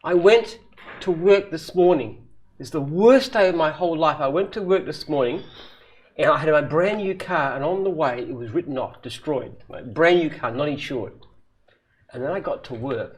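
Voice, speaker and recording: A man's voice: medium pitch, lightly acted, low-quality recording. A man playing a despairing bar drinker. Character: despairing man in a bar, wailing over his ruined day.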